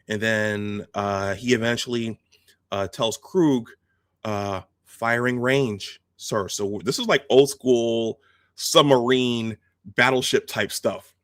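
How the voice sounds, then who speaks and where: A man hosting a video, telling a film's story in a casual, halting, animated way and acting out the scenes. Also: mid-range voice, no echo, studio quality. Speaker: host. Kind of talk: casual film retelling.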